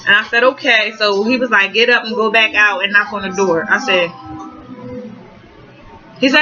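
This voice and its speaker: A young woman casually telling a storytime tale, profane and animated, acting out both sides of the conversation. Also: mid-range voice, moderate pace, muffled recording, a little hiss or hum.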